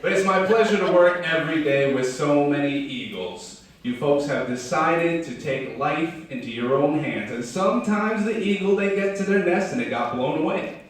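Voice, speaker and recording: A man giving a lively, folksy storytelling keynote to a crowd at a business start-up event. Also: fairly high pitch, normal speed. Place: large hall. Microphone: distant from the mic. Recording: echoey hall from far off.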